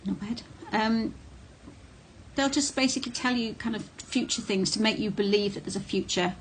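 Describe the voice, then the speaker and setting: A woman's voice: on the high side, moderate pace, a little hiss or hum. Blunt woman vlogging. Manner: blunt and candid, with many ums and restarts. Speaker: vlogger on narcissistic abuse. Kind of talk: casual talk to camera.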